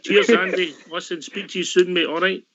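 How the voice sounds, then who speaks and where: A man hosts a phone-in show in a slightly raised voice. He sounds brisk and matey and keeps the talk moving. The audio is a little dull and lo-fi. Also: high-pitched, fairly even intonation, a bit bright. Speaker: host. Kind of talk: casual radio call-in hosting.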